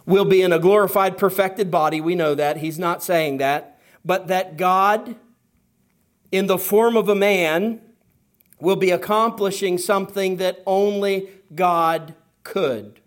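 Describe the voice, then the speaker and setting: Slow, emphatic male preacher. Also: high voice. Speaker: pastor. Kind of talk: sermon.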